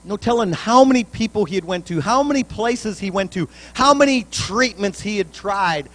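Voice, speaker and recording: A man's voice: high voice, expressive, moderate pace, few pauses, a bit bright, rough recording. A male pastor preaching a sermon in a church, in a folksy, plainspoken way with colloquial grammar.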